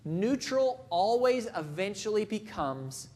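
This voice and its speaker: A man delivers a motivational keynote in a loose, conversational way. His voice sits high for a man. He pokes fun at himself and often restarts his sentences. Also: sing-song, takes it slowly, a little mellow. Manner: conversational, self-deprecating, frequent restarts. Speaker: motivational speaker. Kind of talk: keynote talk with personal stories.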